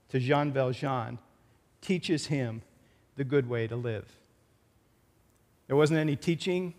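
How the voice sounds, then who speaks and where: Brief: male pastor preaching earnestly, voice a touch high, ringing hall echo. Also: darkish tone. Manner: earnest preaching, retelling a film scene with quoted lines. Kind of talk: sermon. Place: church sanctuary. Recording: church hall reverb.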